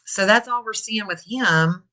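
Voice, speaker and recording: A woman's voice: mid-range voice, a little slow, pushed and bright. A middle-aged woman hosting a casual live stream, thinking aloud and reading out searches as she goes. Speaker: live stream astrology reader.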